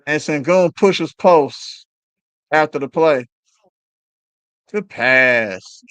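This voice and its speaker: A man calling a basketball game live as a fan on a stream, swearing and yelling at the players between play-by-play. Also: fairly high pitch, drawn-out words, dry recording. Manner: excited, profane trash talk at players. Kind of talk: fan play-by-play watch-along.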